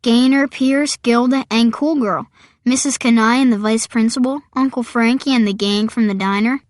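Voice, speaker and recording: Woman reading a kids audiobook, wry and chatty, kinda high, dry close mic. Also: fairly even intonation, moderate pace, dry recording. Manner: wry conversational storytelling. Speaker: audiobook narrator. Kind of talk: first-person audiobook narration.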